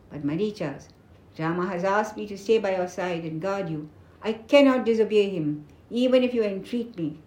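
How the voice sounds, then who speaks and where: Steady loyal young guy , as a woman narrator reads him, calm and firm, roomy sound. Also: mid-range voice, natural voice. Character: loyal young man, steady and calmly reassuring. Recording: roomy echoing room.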